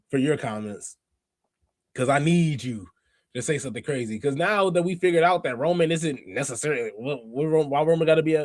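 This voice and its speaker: A man hosting a podcast, recapping wrestling in a casual, animated, slangy way with lots of fillers and restarts. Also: on the high side, no echo, clean studio sound. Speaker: podcast host.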